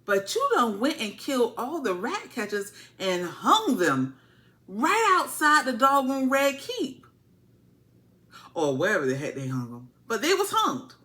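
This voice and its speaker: A woman giving a casual, animated, colloquial TV episode recap, repeating her points for emphasis. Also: fairly high pitch, a little slow. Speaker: TV show reviewer.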